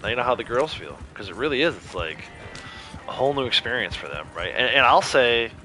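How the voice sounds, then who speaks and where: A man's voice: mid-range voice, sing-song, a little fast, bright, forceful tone, soft background music. A man chatting casually while streaming a game, rambling loosely between stories and laughing often. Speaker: streamer and youth softball coach. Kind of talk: casual livestream gameplay commentary.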